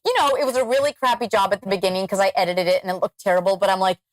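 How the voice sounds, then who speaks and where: A woman guest on a podcast, telling stories in animated, casual chat with quick asides. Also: mid-range voice, dry recording.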